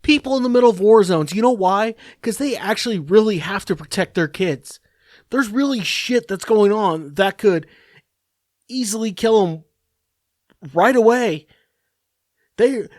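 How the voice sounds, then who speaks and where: A man hosting a podcast, ranting alone in a profane, exasperated way with halting restarts. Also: sits high, dry recording, studio quality. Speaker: podcast host. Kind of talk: solo comedic rant.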